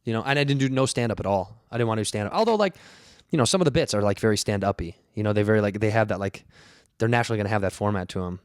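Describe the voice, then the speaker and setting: A man's voice: on the low side, very fast, clear, resonant tone, dry recording, clean studio sound. A male comedian chatting casually as a podcast guest, rambling and acting out bits. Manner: animated, rambling, acts out bits.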